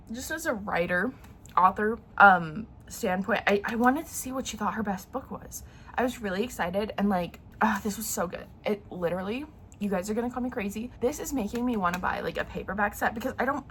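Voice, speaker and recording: A young woman talks in a loose, chatty way, her voice congested and nasal from a sore throat. She rambles with fillers and restarts, swinging between quiet asides and excited bursts. A faint hiss of noise sits under her voice. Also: medium pitch. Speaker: book vlogger. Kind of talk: casual chat.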